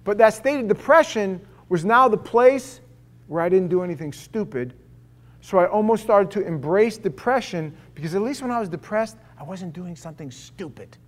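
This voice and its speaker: A middle-aged man preaches in a loose, conversational storytelling style. His voice sits a little high for a man. He drops to near-hushed lines and then climbs back up loud, acting out what others say along the way. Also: lively intonation, normal speed. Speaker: pastor. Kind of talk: sermon.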